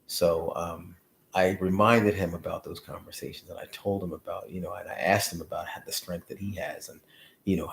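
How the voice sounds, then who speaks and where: A man with a very low voice hosts his own casual show. He rambles through a personal story and often restarts his sentences. He keeps the tone relaxed and conversational. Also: normal speed, vocal fry, echoey room, a little hiss or hum. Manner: rambling, restarts, quotes family. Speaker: show host. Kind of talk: casual talk to camera.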